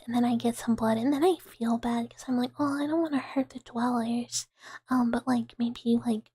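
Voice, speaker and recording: Breathy whispering woman, whispered role-play. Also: on the high side, fairly even intonation, unhurried, long pauses, warm tone, no room sound. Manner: whispery, rambling with many fillers. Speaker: ASMR streamer.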